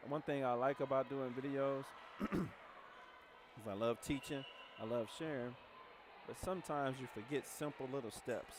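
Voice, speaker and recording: A man's voice: medium pitch, a little slow, background noise. A man leading a motivational team training talk, blunt and direct, telling his team how to handle calls. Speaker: team leader.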